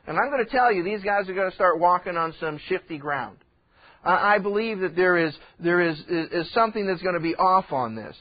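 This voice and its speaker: A male pastor preaches in a loose, conversational way and slips into the voices of the people he describes. His voice sits high for a man. The sound is muffled and lo-fi, like an old radio broadcast. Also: animated, fairly quick. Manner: conversational, acts out quoted voices. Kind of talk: sermon.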